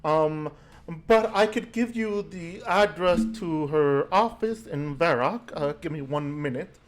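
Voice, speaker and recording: A man narrating a tabletop game as game master. His voice sits a bit high, and he stops often to hunt for words. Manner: halting, many fillers.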